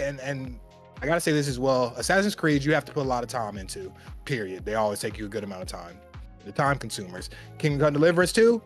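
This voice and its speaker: A man's voice: on the high side, a bit bright. A man co-hosting a casual gaming podcast, talking in a rambling, emphatic way and repeating phrases for effect. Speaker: podcast co-host.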